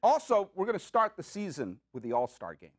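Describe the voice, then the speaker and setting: A man hosting his own podcast, talking in an excitable, jokey, rambling way with quick asides from a community media studio. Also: sits high, a little hiss or hum. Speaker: podcast host. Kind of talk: comic solo podcast monologue.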